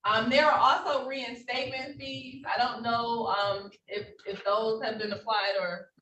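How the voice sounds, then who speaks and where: A woman's voice: fairly high pitch, fairly even intonation, measured pace, pushed and bright. A woman judge running courtroom proceedings in a formal, patient, procedural manner over a video call. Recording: roomy, distant, faint noise.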